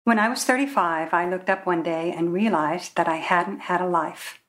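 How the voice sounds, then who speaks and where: A woman author reads from her memoir with a wry, reflective tone. Her voice sits somewhat low and even. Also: normal speed. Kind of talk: reading a personal memoir.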